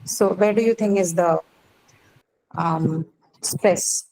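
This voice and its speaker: A woman's voice: fairly low pitch, slow pace, dark tone, low-quality recording. Woman teacher checking in with "okay?". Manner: explains step by step, often checking with "okay?". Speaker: English teacher. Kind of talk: online class lecture.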